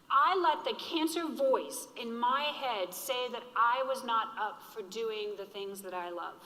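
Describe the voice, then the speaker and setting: A woman in her forties giving an earnest, motivational conference speech on a stage microphone, slowing down to stress key lines. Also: fairly high pitch, bright, forceful tone. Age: 40s. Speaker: keynote speaker. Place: large hall with an audience. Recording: echoey hall reverb.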